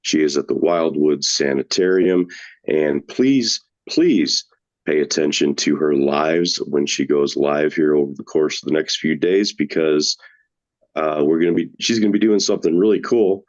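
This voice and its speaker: A man's voice: a bass voice, normal speed. A man hosting a paranormal podcast, joking around loosely and rambling with fillers. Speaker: podcast host. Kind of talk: casual podcast chat. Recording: dull lo-fi sound.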